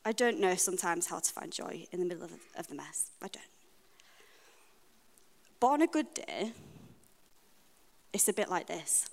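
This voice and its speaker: A woman with a British accent preaches an earnest, deeply personal sermon, pausing often to reflect. Her voice rings out with a long reverb in a church hall. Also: expressive, creaky. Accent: British English.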